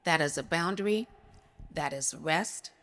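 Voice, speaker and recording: A woman's voice: sits low, a little slow, fairly bright tone. A woman co-hosting a podcast for child care providers, speaking emphatically with a light joking touch. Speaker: podcast co-host. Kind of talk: casual podcast conversation.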